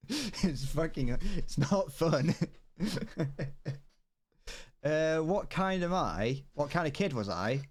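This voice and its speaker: A man's voice: fairly high pitch, sing-song, extremely slow, long pauses. A British man chatting on a casual livestream while he builds a model kit, rambling with frequent stammered restarts and laughter. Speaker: streamer.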